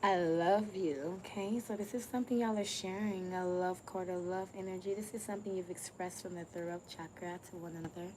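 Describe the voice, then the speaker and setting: A woman's voice: fairly low pitch, steady tone, fairly quick, hardly any pauses, a little mellow, a little hiss or hum. A woman giving a casual spiritual tarot reading in slangy, profane talk, laughing often and stretching out emphatic phrases. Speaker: tarot reader.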